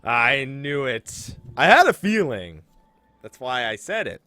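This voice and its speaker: Teasing, animated podcast host. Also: male voice, medium pitch, takes it slowly, no echo. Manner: teasing, insistent, swears freely. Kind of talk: casual gaming podcast chat.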